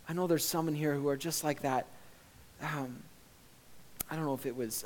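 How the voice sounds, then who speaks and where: Male preacher, slightly high voice, casual but earnest delivery that can build to shouting, recorded in a reverberant hall. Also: fairly even intonation, normal speed, long pauses, a little hiss or hum. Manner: conversational, earnest, often swelling to impassioned shouting. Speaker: pastor. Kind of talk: sermon.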